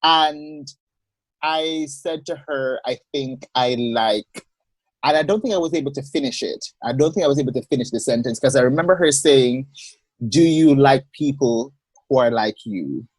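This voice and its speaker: Man, podcast guest, husky mid-pitched voice, measured storyteller on a dry video call. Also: no echo. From Jamaica. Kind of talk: personal storytelling in a casual interview.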